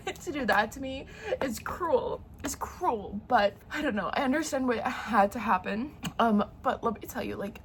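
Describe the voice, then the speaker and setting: A woman's voice: on the high side, lively intonation, normal speed. Young female book vlogger, stuffy and nasal from a sore throat, rambling and emotional, faint hiss under the mic. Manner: chatty and emotional, full of fillers and restarts. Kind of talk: casual chat.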